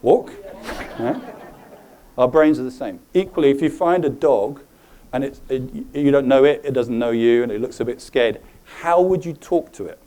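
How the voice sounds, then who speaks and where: A middle-aged man giving a live presentation to an audience, animated and often checking in with questions. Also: medium pitch, moderate pace. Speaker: presenter at a health talk.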